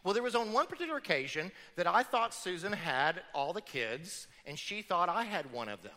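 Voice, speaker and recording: A man's voice: high voice, very animated, brisk, sharp tone. A middle-aged man preaching a sermon as pastor in a church, emphatic, with rhetorical questions. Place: church sanctuary. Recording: long church hall reverb.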